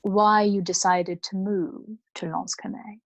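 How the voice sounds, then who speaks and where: A woman reading the part of a disdainful male village priest, speaking low, smooth and politely sneering. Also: flat delivery, slow, no echo, lo-fi sound. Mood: silken.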